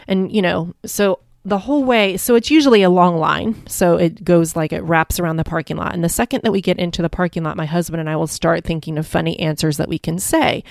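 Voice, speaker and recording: A woman's voice: fairly low pitch, fairly quick, vocal fry, few pauses, no echo, clean studio sound. A woman hosting her own podcast as a life coach, telling stories in a chatty, upbeat way. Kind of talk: casual solo podcast monologue.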